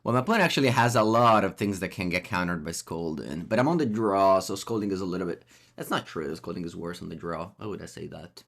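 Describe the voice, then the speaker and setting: A man's voice: sits low, lively intonation, fast talker, vocal fry, a bit bright. A man with an Italian accent giving live, chatty commentary as he plays, talking to himself and to his chat. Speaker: streamer.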